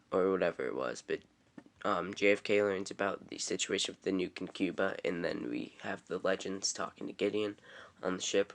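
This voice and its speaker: Young male reviewer, deep, gravelly voice, offhand rambling recap. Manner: rambling, filler-heavy, offhand. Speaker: TV episode reviewer. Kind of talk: casual episode recap.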